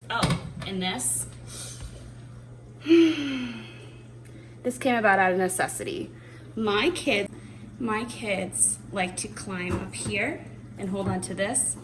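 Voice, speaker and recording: A woman chatting casually while she cooks at home, self-deprecating and thinking out loud as she works. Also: medium pitch, takes it slowly, pauses often, noisy background. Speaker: homeschooling mom cooking on camera. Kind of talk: casual cooking chat. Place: home kitchen. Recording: distant mic with clattering dishes behind.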